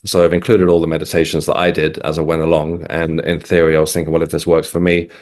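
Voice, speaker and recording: Very low-voiced man telling a story. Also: completely flat delivery, fast, a little mellow. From England. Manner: hesitant, restarts, many ums. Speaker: guest. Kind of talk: casual interview storytelling.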